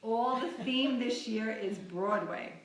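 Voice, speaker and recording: A woman's voice: on the high side, echoey room, poor audio. A woman, a shop owner, talking up her event in a casual interview, upbeat and enthusiastic. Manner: upbeat, enthusiastic, quick laughs. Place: cake supply store.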